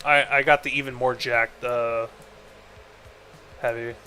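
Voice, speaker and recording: A man's voice: medium pitch, little pitch movement, a little slow, pushed and bright, soft background music. A man streaming a game and telling a story in a rambling, casual way. He swears freely, leans on "like," and acts out both sides of every exchange he describes. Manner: rambling, profane, leans heavily on 'like'. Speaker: streamer and host. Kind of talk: casual storytelling while gaming.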